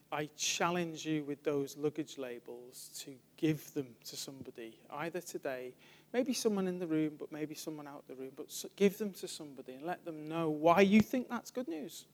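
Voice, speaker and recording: A man, a church evangelist giving an informal sermon, telling stories in a chatty way and trailing off softly. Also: on the high side, expressive, normal speed. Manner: chatty storytelling, laughs often, trails off softly.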